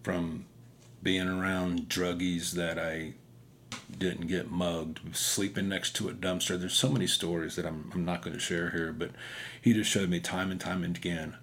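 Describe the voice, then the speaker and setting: A man's voice: low voice, steady tone, moderate pace, gravelly, slight background noise. A middle-aged man from Kansas telling a personal faith story in an earnest, rambling way with many fillers. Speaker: motorcycle rider giving testimony.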